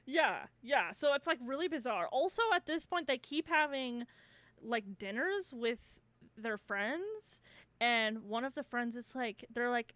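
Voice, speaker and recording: A woman's voice: a little high, expressive, unhurried, fairly bright tone, dry recording. A young woman co-hosting a casual chat, retelling a movie plot, laughing often, swearing freely and acting out the characters' lines. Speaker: podcast co-host.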